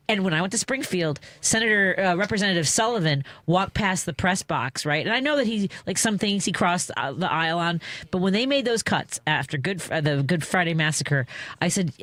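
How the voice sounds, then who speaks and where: A woman hosting a radio talk show in a studio, telling stories with animated indignation. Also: lowish voice, brisk, no echo. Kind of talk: casual political chat.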